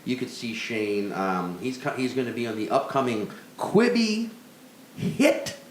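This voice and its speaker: A man's voice: mid-range voice, expressive, unhurried, echoey room, a little hiss or hum. A man co-hosting a comedy podcast, bantering casually and making jokes. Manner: joking, puts on silly voices. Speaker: podcast co-host. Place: studio backyard, outdoors.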